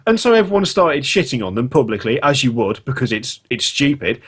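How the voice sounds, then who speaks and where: A man's voice: mid-range voice, big pitch swings, a little fast, husky. A man hosting a casual podcast chat, ranting in disbelief with lots of swearing. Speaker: podcast host.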